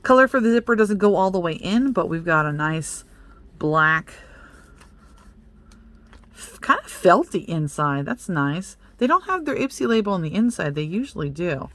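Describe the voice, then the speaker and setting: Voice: medium pitch, sing-song, normal speed, a bit bright. A young adult beauty vlogger in casual unboxing chat, chatty and playful, joking about themself and talking straight to the products. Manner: self-mocking.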